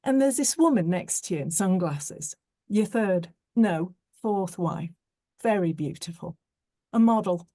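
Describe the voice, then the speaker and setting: A teasing young woman with a sharp tongue, read by a woman narrator, mocking and playful. She speaks slowly and mellowly, in a dry, close recording. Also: lowish voice, expressive, no room sound.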